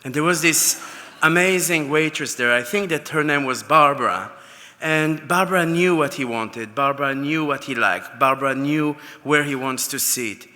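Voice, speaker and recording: An award recipient from Israel gives an acceptance speech at a dinner in a large banquet hall, his slightly high voice pushed and bright at normal speed. He tells anecdotes with fillers and restarts, and the hall's reverberation and PA are audible.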